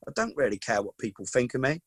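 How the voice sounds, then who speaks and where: A man, a podcast guest telling stories in a lively, casual way and calling the host "mate". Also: mid-range voice, fast, no room sound. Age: 40s. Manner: lively anecdotal, peppers talk with "mate" and "do you know what I mean". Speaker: podcast guest, football coach. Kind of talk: casual storytelling chat.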